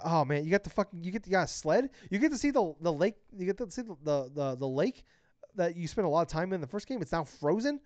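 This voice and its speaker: Excitable foul-mouthed podcast guy. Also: sits high, no echo. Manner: excited, profane, gushing. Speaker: podcast co-host. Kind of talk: casual podcast chat. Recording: dry, dull lo-fi podcast mic.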